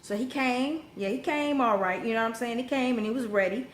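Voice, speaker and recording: A young adult woman telling a personal story in a casual vlog, blunt and profane, with sudden animated rises when she gets heated. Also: fairly high pitch, fairly quick. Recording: echoey room with faint background noise.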